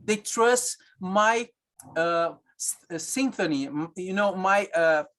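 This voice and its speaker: A man, an obstetrician telling stories in a webinar conversation, halting and searching for English words with many restarts. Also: high-pitched, animated, fairly bright tone.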